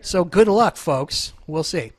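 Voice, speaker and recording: A man's voice: high voice, expressive, slow pace. A man in his thirties hosting a casual show over a video call, joking and rambling. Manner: joking, rambling, self-deprecating. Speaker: podcast host.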